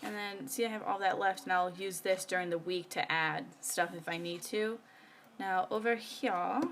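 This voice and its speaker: A woman's voice: medium pitch, a little hiss or hum. A woman, chatting casually while she works on her planner during a live stream, rambling with many fillers. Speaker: planner vlogger. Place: home.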